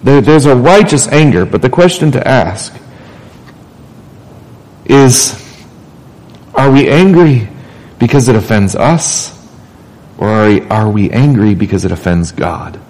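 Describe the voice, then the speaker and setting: A man's voice: mid-range voice, lively intonation, takes it slowly, long pauses, a little mellow, poor audio. A man preaching a sermon in a casual, conversational way. He often restarts and repeats words as he talks. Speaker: pastor.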